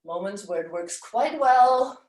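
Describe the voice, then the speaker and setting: A woman teaching a live-streamed dance class, giving slow guiding cues and chanting rhythm syllables. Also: mid-range voice, expressive, a little mellow. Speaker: dance instructor. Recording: roomy echo, voice from far off the mic.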